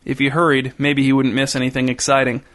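A man narrating a short story in an even, dry reading style. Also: mid-range voice, fast.

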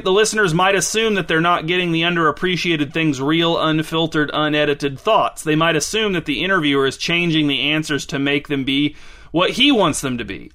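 A man's voice: fairly high pitch, pushed and bright. A man hosting a podcast, delivering a sarcastic, exasperated comedic monologue. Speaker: podcast host.

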